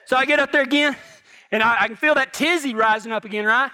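A man preaching a sermon as a cowboy church pastor, telling folksy ranch stories and swinging between hushed moments and loud outbursts. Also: sits high, animated, quick pace.

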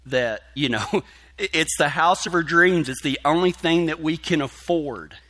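A man's voice: fairly high pitch, measured pace, fairly bright tone. A middle-aged man preaching a sermon, telling a personal story in a folksy way with many restarts before growing fervent. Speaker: pastor.

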